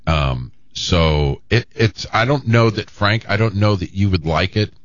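A male radio co-host talking casually and haltingly, with many fillers. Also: low-pitched, animated, dry recording, muffled recording. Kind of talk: casual banter on a radio show.

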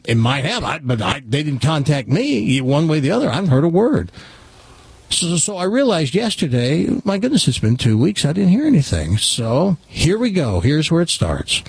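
Animated, husky-voiced man telling a story. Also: a little high, moderate pace, no echo. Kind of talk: storytelling monologue to an audience.

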